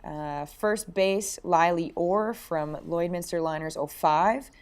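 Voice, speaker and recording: Chatty low-voiced woman co-host. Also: slow, clear, resonant tone. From Canada. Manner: chatty, lots of fillers and restarts. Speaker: podcast co-host. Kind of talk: casual podcast chat.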